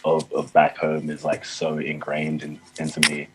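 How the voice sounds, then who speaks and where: A man's voice: very deep voice, completely flat delivery, moderate pace, very noisy. A young man from Ghana, a musician guest chatting casually in an interview, laid-back and full of "like" and "um" fillers.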